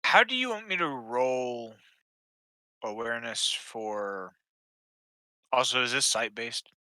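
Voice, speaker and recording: Lively, very bright-voiced man playing a tabletop game. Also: medium pitch, smooth, no room sound. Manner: joking, quick to tease. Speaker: player. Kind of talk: casual tabletop game chat.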